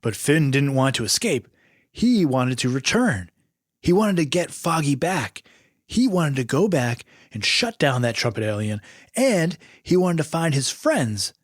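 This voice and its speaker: A man's voice: on the high side, no room sound, studio quality. A man hosting and narrating a scripted children's adventure story, patient and friendly. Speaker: host and narrator.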